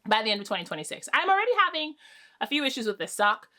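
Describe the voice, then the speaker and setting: A woman's voice: fairly high pitch, very animated, rapid-fire, bright, forceful tone. A young woman hosting a knitting podcast, chatting casually to camera with lots of fillers and restarts.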